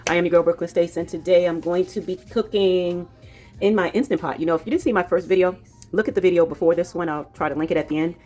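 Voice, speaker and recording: A woman with a New York accent runs a relaxed cooking demo from her home kitchen. Her voice sits low, and she chats and rambles straight to her viewers. Soft music plays faintly underneath. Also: fast talker. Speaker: cooking channel host. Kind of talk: casual cooking demo to camera.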